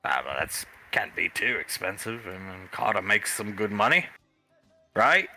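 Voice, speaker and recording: A man's voice: on the low side, expressive, unhurried, sharp tone, soft background music, heavily acted. A man voicing a chatty young wife who loves animals, rambling and correcting himself as he goes.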